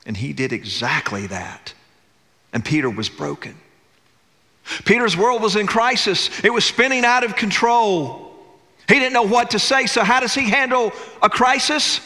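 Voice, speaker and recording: Bright-voiced preacher in a reverberant church. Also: male voice, sits high, measured pace. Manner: storytelling preacher, acts out quotes, calls for "amen". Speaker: senior minister. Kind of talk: sermon. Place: church sanctuary.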